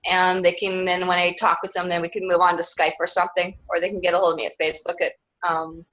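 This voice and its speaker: A self-described clan mother talks fast in a casual interview, earnest and rambling, with frequent laughs. Her fairly low, fairly bright voice has a flat delivery, and the sound is dull and lo-fi.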